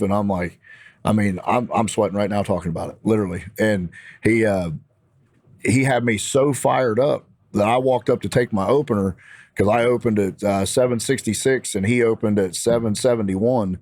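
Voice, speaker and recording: A man with a Midwestern American accent telling a story in a casual, animated, fired-up way. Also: on the low side, moderate pace, dry recording. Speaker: podcast guest.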